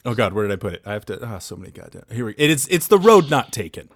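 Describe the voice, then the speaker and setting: A man with a lowish voice pitches a game show on a comedy podcast, rambling and swearing with playful energy. The sound is dry and close to the mic. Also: very animated, racing, no echo.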